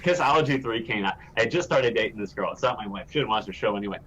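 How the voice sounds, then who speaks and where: A man's voice: fairly low pitch, expressive, very fast, fairly bright tone, lo-fi sound. A man co-hosting a casual podcast, telling a wry story about himself. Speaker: podcast co-host. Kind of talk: casual chat.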